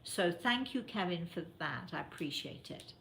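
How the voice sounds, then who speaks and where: A British woman hosts a call-in style show, chatting loosely with plenty of fillers and asides. Her voice sits somewhat low, and a faint hiss runs under the recording. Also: lively intonation, moderate pace. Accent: British English. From England. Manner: chatty, warm addressing listeners, many fillers. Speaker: host. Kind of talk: casual radio show talk.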